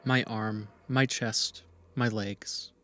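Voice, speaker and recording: A man reading a first-person horror story in a steady, even narration. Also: fairly low pitch, extremely slow. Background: music.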